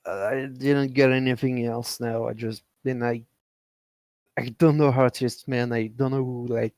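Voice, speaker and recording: A man's voice: mid-range voice, fairly even intonation, measured pace, a little mellow, no room sound, natural voice. A man doing a tired, rambling guy on the phone. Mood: sleepy, apologetic. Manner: hesitant, rambling, full of likes and trailing words. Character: tired young adult male contact on a phone call. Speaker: game master.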